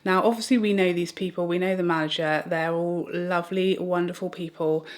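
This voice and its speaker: A woman's voice: on the low side, fairly even intonation, brisk. A woman vlogger telling a personal story in a get-ready-with-me video, in an earnest, chatty way full of "like". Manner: chatty, earnest retelling with many "like"s.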